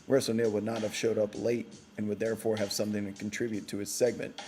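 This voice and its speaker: Low-voiced playful male podcast host. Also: little pitch movement, fast, music in the background. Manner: playful, teasing banter. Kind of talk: casual live postgame chat.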